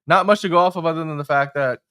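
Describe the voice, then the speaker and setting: A man's voice: on the high side, very fast, pushed and bright, smooth. A man hosting a casual pop-culture podcast, reading viewer comments in an upbeat, chatty way. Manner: upbeat, chatty, laughs easily.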